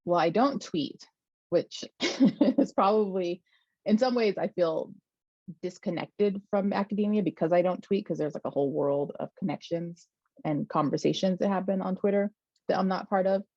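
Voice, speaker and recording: A woman guest in casual conversation, relaxed and self-deprecating, laughing between phrases. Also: mid-range voice, normal speed, no echo. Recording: dry, dull lo-fi mic.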